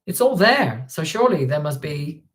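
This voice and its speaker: A woman's voice: low voice, very animated, moderate pace. A woman hosting a casual livestream, rambling with plenty of ums and restarts as she reads out chat comments. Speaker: livestream host.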